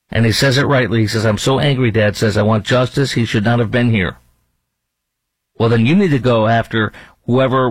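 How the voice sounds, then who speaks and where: A man's voice: mid-range voice, no echo, rough recording. A man hosting talk radio, delivering an indignant, ranting monologue with lots of repetition and fillers.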